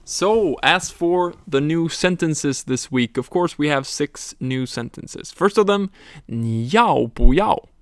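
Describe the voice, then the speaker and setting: A man teaching a recorded language lesson, slowly explaining words, tones and examples. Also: fairly high pitch, dry recording, studio quality.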